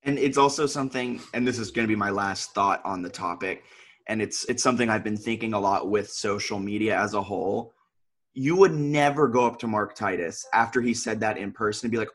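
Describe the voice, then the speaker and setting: Husky young man in sports podcast chat. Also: medium pitch, brisk, fairly bright tone. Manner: rhetorical questions answered himself; talks in loose, repeating run-on phrases. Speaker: podcast co-host.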